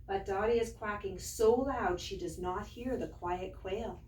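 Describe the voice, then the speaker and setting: A woman teacher reading a picture book aloud to young children in a slow, sing-song storytelling way, then showing how to write a letter. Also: medium pitch, darkish tone. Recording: roomy, mic at a distance.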